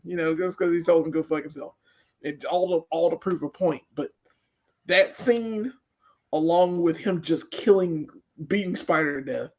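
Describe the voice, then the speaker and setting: A man's voice: on the high side, a little mellow. Rambling man, muffled lo-fi sound. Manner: rambling, repeats words, enthusiastic. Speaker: podcast co-host. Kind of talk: casual movie review chat. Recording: dull lo-fi sound.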